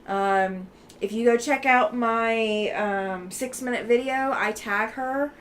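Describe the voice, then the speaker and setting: A woman's voice: a little high, takes it slowly, a bit bright, slight background noise. Chatty woman hosting a livestream. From Alabama, US. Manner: chatty and friendly, many ums and easy laughs. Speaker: livestream host. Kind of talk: chatty livestream, reading chat aloud.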